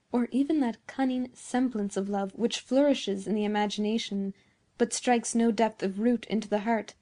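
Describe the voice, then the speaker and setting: A woman narrating a classic story in a measured, expressive reading. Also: on the high side. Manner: measured, expressive reading of old-fashioned prose. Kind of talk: scripted narration.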